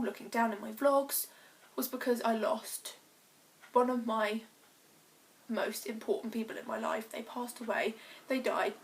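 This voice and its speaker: A teenage girl, talking emotionally in a personal vlog, halting and earnest, choked up and close to tears. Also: a little high. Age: teens. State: choked up, tearful. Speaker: vlogger.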